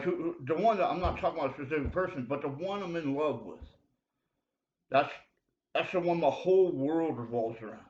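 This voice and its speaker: Man, slightly high voice, rambling and insistent, lo-fi roomy home recording, confessional video preacher. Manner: rambling, heavy fillers like dude and bro; urgent, insistent appeals to the listener. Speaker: self-made video preacher. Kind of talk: rambling confessional monologue to camera. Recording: roomy, dull lo-fi sound.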